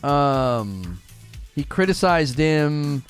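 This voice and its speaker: A man's voice: on the high side, very animated, very slow, soft background music. Heated man ranting on a stream. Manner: heated, emphatic, repeats phrases. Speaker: gaming talk show host. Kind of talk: live stream talk show rant.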